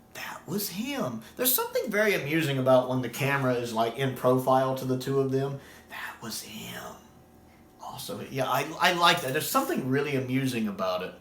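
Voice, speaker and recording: A man's voice: mid-range voice, echoey room. A man from the United States, enthusiastically discussing a sci-fi show in casual talk and acting out quoted scenes. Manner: excited, quotes scenes in acted voices.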